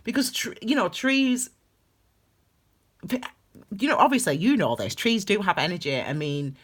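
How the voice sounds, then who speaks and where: A woman's voice: medium pitch, animated, a little slow, fairly bright tone, husky. A woman giving a casual spoken tarot reading, rambling and heartfelt, with frequent laughs. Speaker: tarot reader.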